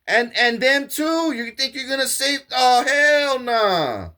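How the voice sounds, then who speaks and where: Man doing high, scornful hospital staff voice, incredulous and mocking. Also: sing-song, slow, sharp tone, exaggerated voice. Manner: mocking, disbelieving outbursts.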